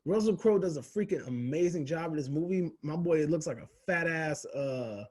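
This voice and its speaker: A man's voice: fairly high pitch, lively intonation, normal speed, darkish tone. A young man giving a casual, profane, rambling film review full of slang.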